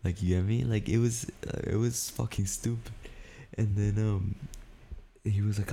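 Young man, low voice, mellow tone, casual podcast storytelling, slangy and profane. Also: steady tone, normal speed, creaky. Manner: loose and profane, full of "like" and "dude". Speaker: podcast co-host.

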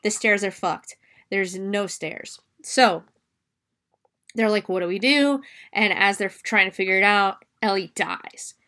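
A woman recapping a horror film in casual chat, animated and gushing, swearing freely. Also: mid-range voice, unhurried. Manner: excitable and gushing. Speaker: movie reviewer.

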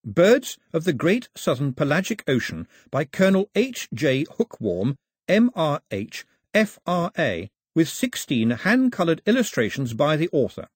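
A man voicing a prim, proper young girl, shipwreck survivor, in an audiobook, speaking brightly and with emphasis. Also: very high voice, wildly swooping pitch, husky, no echo, clean studio sound, pitched above the performer's own voice, heavily acted. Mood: reading aloud. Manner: bright and emphatic, slow careful teaching words. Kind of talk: audiobook character voice.

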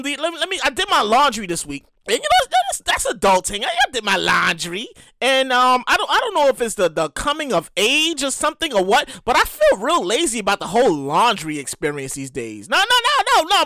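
A man in his thirties hosts his podcast in a loose, rambling way, stumbling over repeated words and cursing casually. His voice sits high and bright. It swings freely up and down. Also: dry recording. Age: 30s. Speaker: podcast host. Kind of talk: casual solo podcast monologue.

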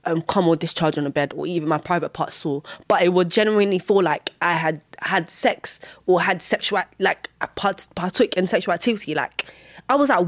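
A young woman talks through her testimony in a lowish voice, circling back and repeating phrases. Now and then she jumps into high, worked-up exclamations. The recording is close and dry, with no room around her. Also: normal speed, no echo. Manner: candid, repetitive, bursts into high exclamations. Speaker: Christian vlogger sharing testimony. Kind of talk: personal testimony monologue.

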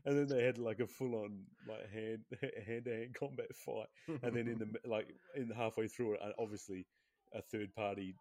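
A man chatting casually on a podcast, telling animated stories and acting out quotes in high voices. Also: moderate pace. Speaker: podcast co-host. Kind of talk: casual gaming chat.

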